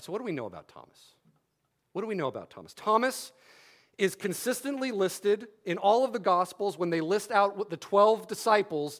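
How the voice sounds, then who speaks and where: A man preaching a sermon, repeating key phrases for emphasis and adding wry humorous asides. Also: high-pitched.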